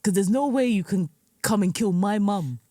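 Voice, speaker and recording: A woman's voice: mid-range voice, lively intonation, moderate pace, mellow, no room sound, studio quality. A woman guesting on a podcast, chatting casually and candidly about shows and films. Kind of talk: casual chat.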